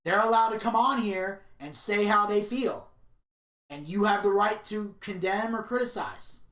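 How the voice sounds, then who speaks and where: A man co-hosting a podcast, chatting casually and telling stories in an animated, opinionated way. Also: high-pitched, unhurried, echoey room. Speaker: podcast co-host. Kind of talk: casual podcast review chat.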